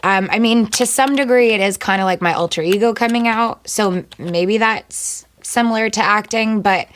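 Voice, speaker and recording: A woman, a singer and actor, answering interview questions in a chatty, playful way and firing off quick one-word replies. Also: mid-range voice, slight background noise.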